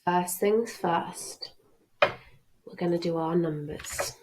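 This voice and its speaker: A woman's voice: on the low side, slow, background noise. A woman French teacher giving a chatty, reassuring exam revision lesson.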